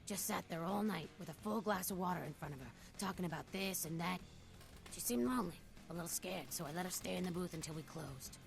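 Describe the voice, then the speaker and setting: An actress playing a friendly, chatty diner waitress in a game. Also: female voice, on the low side, fast talker, creaky. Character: kindly diner waitress, middle-aged woman. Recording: game music behind.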